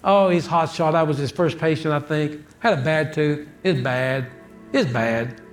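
A man preaching with a high voice, telling folksy stories and doubling back on his words as he talks. Soft music sits faintly behind him. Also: measured pace. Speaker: pastor. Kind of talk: sermon.

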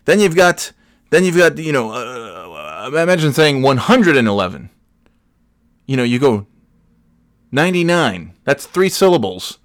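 A man's voice: medium pitch, sing-song, unhurried, long pauses, dry recording, clean studio sound. A man in his forties hosting a solo comedy podcast, rambling from one tangent to the next, cursing and restarting his sentences. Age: 40s. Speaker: podcast host.

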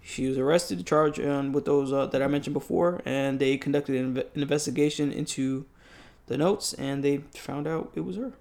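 A young man co-hosting a casual podcast, reading news articles aloud with halting fillers and restarts. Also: fairly high pitch, gravelly, darkish tone. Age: young adult. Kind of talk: casual news-reaction chat.

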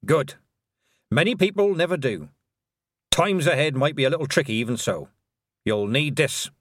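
Guy doing a curt old witch, slow dry clipped lines, lively pitch, storybook reading. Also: no room sound. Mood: stern. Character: stern older witch, curt and commanding.

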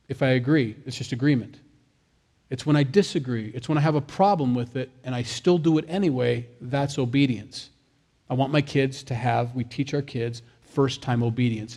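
A man's voice: medium pitch, a little mellow. Conversational male preacher with jokey asides. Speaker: pastor. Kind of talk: sermon.

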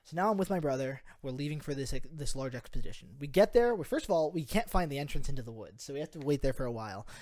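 A man's voice: a little high, animated, fast talker, hardly any pauses, darkish tone. A young man on a podcast, casually telling a story, acting out quotes and swearing freely. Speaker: podcast host.

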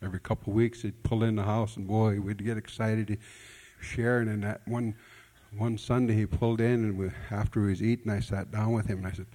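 Folksy pastor with hall reverb. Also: male voice, on the low side, flat delivery, brisk, warm tone. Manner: folksy, conversational telling with repeated words and nonstandard grammar. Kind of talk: sermon storytelling. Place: church hall.

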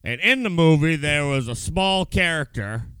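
A man's voice: a little high, lively intonation, normal speed, bright, forceful tone, clear, resonant tone, no room sound. A man co-hosting a podcast, chatting casually and thinking aloud in an easygoing way. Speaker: podcast co-host. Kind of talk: casual chat.

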